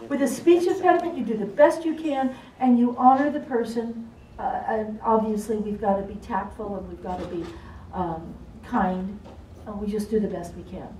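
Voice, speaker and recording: A woman presenting a live seminar to court reporters, talking in a lively, playful way and acting out the people she describes. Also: medium pitch, normal speed, a little hiss or hum. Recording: echoey room, voice from far off.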